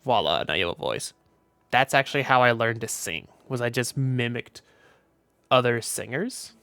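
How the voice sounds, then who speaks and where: A man's voice: mid-range voice, moderate pace, vocal fry, a bit bright, smooth, no room sound. A tired, sleepy man chatting casually on a live stream, rambling and offhand with the odd swear. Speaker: VTuber streamer.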